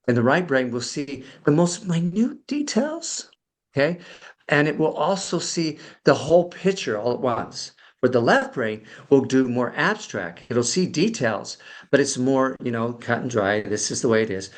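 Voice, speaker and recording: Middle-aged male coach as podcast guest, mid-pitched, explains patiently with lots of ums and restarts. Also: lively intonation, unhurried. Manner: explanatory, many fillers and restarts. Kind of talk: conversational explanation.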